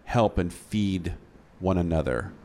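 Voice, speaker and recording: A man's voice: sits low, animated, slow pace, darkish tone, slight background noise. A man hosting an interview as a consultant, asking questions in an enthusiastic, encouraging way. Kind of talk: casual interview conversation.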